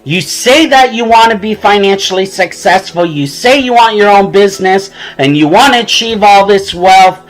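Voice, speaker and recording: Man doing a calm rich mentor in a story, measured and firm, soft music behind. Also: sits high, lightly acted, rough recording. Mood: instructive.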